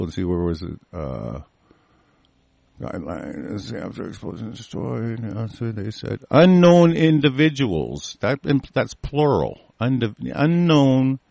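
A man's voice: fairly low pitch, vocal fry, darkish tone, dry recording. A man from the United States giving a heated, profane rant and reading news aloud in between. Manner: profane, heated, swearing constantly. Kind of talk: angry ranting monologue, reading news aloud.

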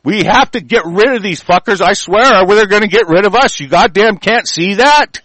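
A man's voice: high voice, animated, normal speed, a bit bright, no echo. A man delivering a heated, rambling rant, swearing constantly and stumbling over restarts. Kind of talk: angry profane rant.

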